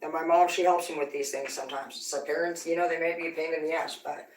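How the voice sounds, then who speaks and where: A woman's voice: low voice, flat delivery, quick pace. A woman livestreaming a rambling, confrontational rant full of swearing. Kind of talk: live-stream rant to viewers. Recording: roomy sound, distant from mic.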